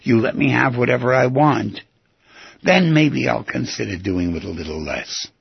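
A man voicing a grumpy, distrustful inner creature self in a lesson, speaking in a stubborn, grudging way with a gravelly voice, recorded on a dull lo-fi track. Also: medium pitch, expressive, moderate pace, dry recording, full character voice.

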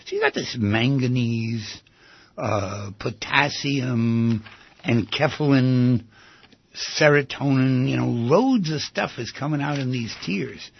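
A man's voice: medium pitch, slow, gravelly, husky, dry recording, highs cut off. A man hosting a radio talk show as a psychotherapist, talking in a rambling, conversational way and repeating himself.

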